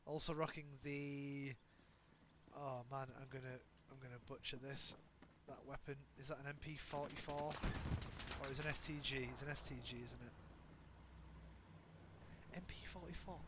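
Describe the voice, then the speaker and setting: A man giving live play-by-play commentary on an online shooter match, excitable and often correcting himself mid-sentence. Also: mid-range voice, normal speed. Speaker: game commentator. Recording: noisy with gunfire in background. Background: game gunfire and ambience.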